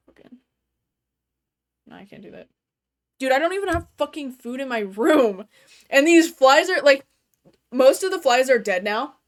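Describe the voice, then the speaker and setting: A young adult woman chatting casually from her bedroom while streaming a game, talking loosely and swearing freely, with lots of "like" fillers. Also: on the high side. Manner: loose and profane, full of "like" fillers. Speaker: gaming streamer.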